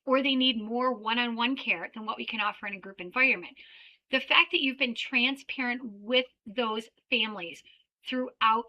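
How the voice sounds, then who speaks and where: Bright, high-voiced woman giving a training talk. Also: low-quality recording. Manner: animated, acts out little scenes with children and parents; peppers sentences with "right?". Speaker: podcast trainer for child care owners.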